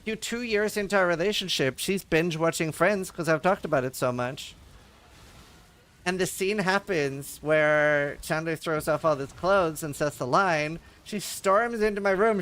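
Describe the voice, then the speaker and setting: A man with a somewhat high-pitched voice chats on his livestream into a desk mic. He tells rambling anecdotes full of fillers and casual swearing, and laughs along at his own stories. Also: moderate pace, a bit bright. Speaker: livestream host. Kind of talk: casual storytelling chat.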